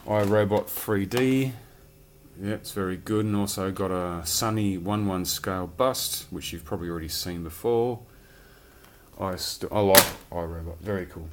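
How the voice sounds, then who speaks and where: Against a noisy background, a man with a low voice chats at normal speed about his film collection. He rambles in a relaxed way and swears occasionally as he shows it off.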